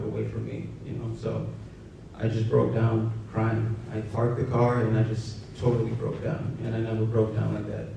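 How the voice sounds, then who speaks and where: A soft-spoken young man with a gravelly voice tells a personal story, halting often and using many fillers. He sounds far off, and the roomy, distant recording is dull with a faint rumble.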